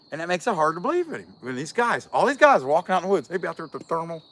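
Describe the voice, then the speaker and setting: A man's voice: on the high side, very animated, very fast, hardly any pauses, a bit bright. A man, a chainsaw carver, telling a long casual story in a folksy, chatty way full of fillers.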